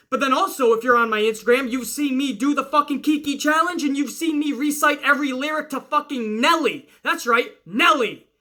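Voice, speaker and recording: A young man with a very high, bright, forceful voice hosts a casual wrestling Q&A. He talks in a profane, hyped, rambling way, tossing out curses as he answers fan questions. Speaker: wrestling commentary host. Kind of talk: casual Q&A livestream chat.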